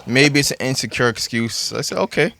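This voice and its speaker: A man from Toronto, co-hosting a casual podcast, telling a story with animated stammering restarts. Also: fairly low pitch, brisk, no echo, clean studio sound. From Toronto, Canada. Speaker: podcast co-host.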